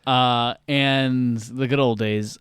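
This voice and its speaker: A man in casual podcast chat, retelling a film and slipping into quick voices for the characters. His voice comes through smooth and resonant. It sounds dry and close to the mic. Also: mid-range voice, no echo. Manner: animated retelling, acting out lines in quick voices. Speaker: podcast co-host.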